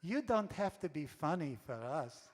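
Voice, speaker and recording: A man's voice: a little high, sing-song, measured pace. Brief: man playing a sweet, patronizing old lady with a heavy European accent, in a reverberant hall. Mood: kindly. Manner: kindly, condescending. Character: little old lady eating dinner.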